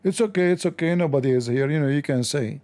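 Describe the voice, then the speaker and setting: A man's voice: fairly high pitch, fast talker, warm tone. A man hosting a livestream who answers chat in a combative, sarcastic way, with non-native English grammar. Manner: mocking, sarcastic, confrontational. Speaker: livestream host.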